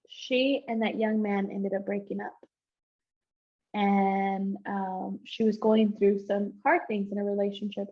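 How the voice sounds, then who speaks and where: A woman telling her personal testimony to a church group, animated and informal, acting out the dialogue she recalls and often speaking to the audience directly. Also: mid-range voice, highs cut off. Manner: animated storytelling, acts out quoted dialogue, laughs often; informal, addresses audience as y'all and guys. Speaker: abuse counselor and youth mentor.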